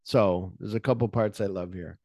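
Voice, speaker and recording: Man, podcast host, low voice, dry close sound, casual movie talk, acts out lines. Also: fairly even intonation, moderate pace, dark tone, no room sound. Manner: recaps scenes and acts out characters' lines.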